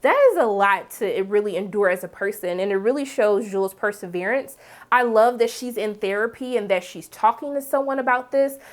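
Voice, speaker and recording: A young woman giving a chatty, animated spoken review of a TV episode, with lively asides. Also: mid-range voice, brisk. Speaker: TV recap reviewer.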